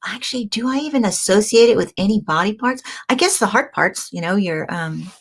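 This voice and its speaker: A woman's voice: medium pitch, lively intonation, fairly quick, husky. A woman hosting a crystal healing show, talking in a rambling, chatty way and laughing often. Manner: frequent ums and restarts. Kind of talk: casual live-stream talk.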